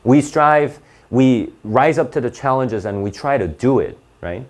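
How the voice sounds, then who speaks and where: A man's voice: medium pitch, expressive, unhurried. A man giving a casual explanatory lesson, rambling and checking in with "right?" often. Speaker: English teacher.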